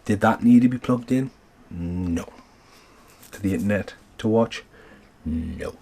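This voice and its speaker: Exasperated swearing bloke. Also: male voice, lowish voice, slow, creaky, slight background noise. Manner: exasperated, swears freely, animated. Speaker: vlogger. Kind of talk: casual ranting vlog.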